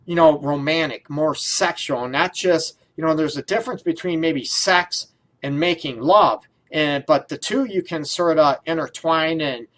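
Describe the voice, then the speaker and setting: A male radio host riffs casually into a studio mic, his voice sitting a little on the high side. He rambles through loose questions, padding them with fillers and breaking into chuckles. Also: a little slow, fairly bright tone. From Detroit area. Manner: rambling, full of fillers, laughs often. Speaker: radio show host, relationship counselor.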